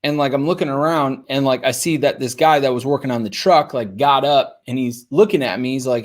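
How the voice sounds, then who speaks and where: A young man hosts a podcast and tells a story in a loose, casual way. He talks in an animated manner and fills his speech with "like" and "you know". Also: medium pitch, a little fast, hardly any pauses. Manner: casual, animated, lots of fillers. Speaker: podcast host.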